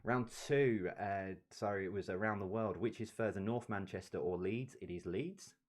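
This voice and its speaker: A man's voice: on the low side, normal speed. A man hosting a live-streamed quiz, reading each question and its answer with offhand chatty asides. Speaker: quiz host.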